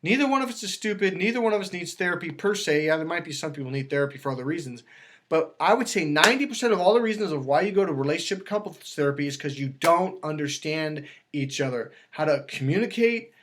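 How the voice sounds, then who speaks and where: Dating coach guy, slightly high voice, emphatic, does little voices for quotes. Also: expressive, fast. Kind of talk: animated coaching talk.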